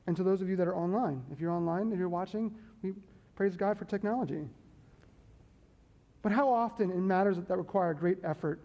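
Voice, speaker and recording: Through a muffled recording, a high-voiced pastor can be heard preaching to his church, repeating key phrases and checking in with the congregation in a conversational style. The sanctuary adds a long hall reverb.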